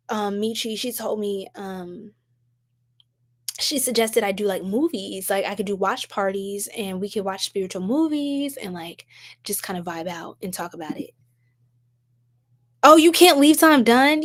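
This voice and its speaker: A young woman chats casually on a livestream as a psychic host, answering viewers one by one. She is bubbly and effusive and breaks into laughter often. Her voice sits somewhat high. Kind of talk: casual livestream chat reading viewer comments.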